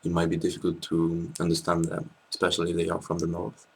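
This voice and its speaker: Gravelly, low-voiced French man. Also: completely flat delivery. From France. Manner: thoughtful, halting explanations. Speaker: guest. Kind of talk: casual interview chat.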